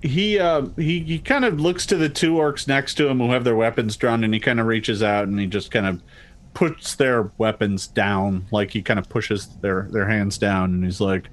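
A man's voice: lowish voice, normal speed. A young man narrating a tabletop game as game master, hesitant with many fillers and frequent laughs.

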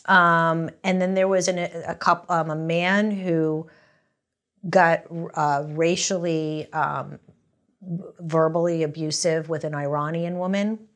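A middle-aged woman from the US East Coast, a memoir author telling candid stories in an interview, rambling and animated with many restarts. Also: deep voice, slow.

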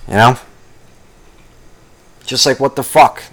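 A young man ranting casually about traffic and work, swearing constantly and rambling, now and then mocking others in a higher voice. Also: steady tone, slow, a bit bright. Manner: profane, rambling, jumps into mocking high-pitched impressions. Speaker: vlogger. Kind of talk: casual rant to camera.

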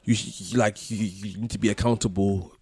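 A man telling a long personal story on a podcast, full of restarts and soft laughs. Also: fairly low pitch, steady tone, normal speed, husky. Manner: rambling, many restarts, laughs between phrases. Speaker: podcast co-host. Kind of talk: casual storytelling chat.

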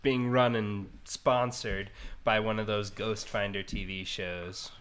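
A man's voice: lowish voice, little pitch movement, slow, a bit bright, clear, resonant tone. A man in casual banter with friends, chiming in with details.

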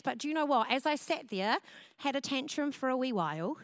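A woman pastor, preaching loudly and expressively, acting out the things she tells herself. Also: high voice, brisk, no room sound, studio quality. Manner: loud, expressive preaching with acted self-talk. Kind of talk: sermon.

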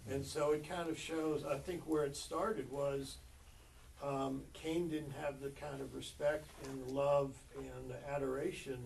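Study group member: man, very slow and halting, heard from a distant mic with faint noise. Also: mid-range voice, flat delivery, vocal fry, a little mellow. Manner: halting, thinking aloud with many ums. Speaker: Bible study participant. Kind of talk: group Bible study discussion.

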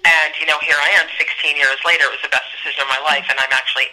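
A woman's voice: low voice, steady tone, racing, pushed and bright, low-quality recording. A middle-aged woman telling a personal story as a podcast guest, speaking in an earnest, reflective and emphatic way.

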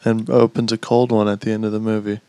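A man's voice: fairly low pitch, flat delivery, fast talker, a little mellow, smooth, no echo. A man co-hosting a casual podcast, tossing in wry, crude one-liners. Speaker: podcast co-host. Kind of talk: casual movie review chat.

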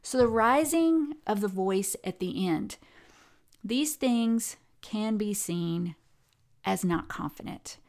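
A woman gives a recorded lecture in a loose, conversational way, with fillers and restarts along the way. She slips into expressive intonation whenever she reads quoted speech aloud, at a middle pitch. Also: slow. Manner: conversational, with many fillers and self-corrections. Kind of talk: recorded lecture on language and gender.

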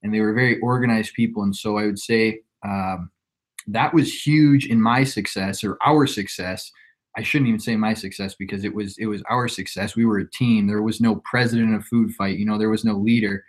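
A man's voice: on the low side, fairly even intonation, moderate pace. A young man in his twenties talking casually as a podcast guest, reflective and rambling, with frequent restarts. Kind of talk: casual conversation.

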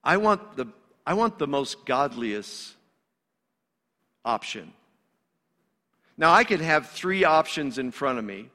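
Bright-voiced pastor preaching in a hall. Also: male voice, a little high, very animated, slow pace, pauses often. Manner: conversational, emphatic preaching. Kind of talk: sermon. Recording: long reverb of a large hall.

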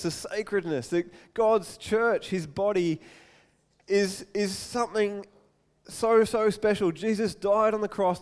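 A male pastor preaching a sermon in a chatty, animated way with light self-deprecating humour and quick asides. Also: high-pitched.

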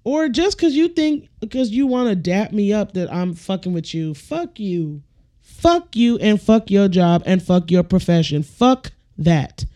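A woman hosting a solo podcast, talking bluntly and profanely in an animated rant. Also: fairly low pitch, measured pace. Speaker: podcast host. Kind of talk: casual solo podcast monologue.

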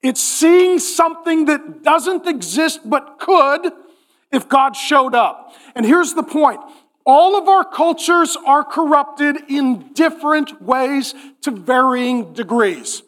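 Man in his 40s, pastor, very high pitch, animated joking sermon, church. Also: takes it slowly. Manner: animated, joking, acts out voices in quotes.

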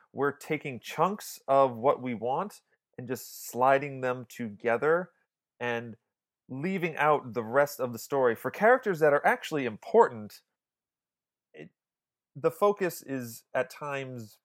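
Rambling, animated male film podcaster. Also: mid-range voice. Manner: rambling, animated, swears, many restarts. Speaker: podcast co-host. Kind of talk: casual film review chat.

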